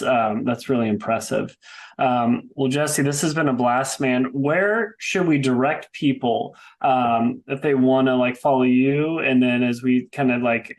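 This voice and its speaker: Male podcast host, relaxed interviewer, friendly, mid pitch, lots of "um"s. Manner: friendly, casual, many fillers like "um" and "like". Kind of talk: casual interview.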